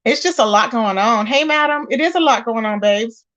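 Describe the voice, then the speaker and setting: High-voiced sassy woman chatting live. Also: normal speed, a bit bright, dull audio. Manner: chatty, sassy, greets viewers by name. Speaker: livestream host. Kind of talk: casual live chat, reading viewer comments.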